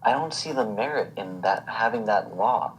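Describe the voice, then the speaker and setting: A man's voice: on the low side, expressive, moderate pace, slight background noise, low-quality recording. A young man with a Canadian accent co-hosting a casual podcast, tossing in dry, joking asides. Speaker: podcast co-host. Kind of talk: casual chat.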